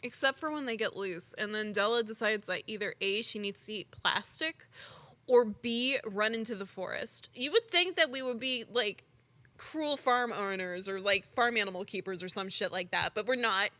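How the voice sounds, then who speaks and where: A young woman co-hosting a podcast, telling stories in an animated, casual way full of "like" and the odd swear word. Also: medium pitch, normal speed. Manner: animated storytelling, frequent "like" and swearing. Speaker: podcast co-host. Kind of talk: casual chat.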